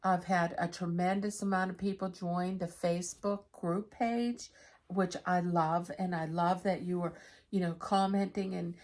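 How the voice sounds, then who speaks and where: A woman's voice: on the low side, little pitch movement, a little slow, darkish tone. A middle-aged woman chatting candidly to camera in a home vlog, telling stories about her everyday life. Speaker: vlogger. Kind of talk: casual chat to camera.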